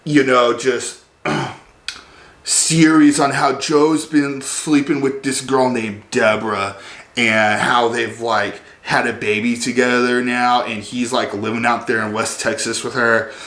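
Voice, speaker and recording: A man's voice: mid-range voice, fairly even intonation, takes it slowly, fairly bright tone. A man ranting as a vlogger, rambling and sarcastic, loaded with fillers. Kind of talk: comedic rant. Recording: roomy echo.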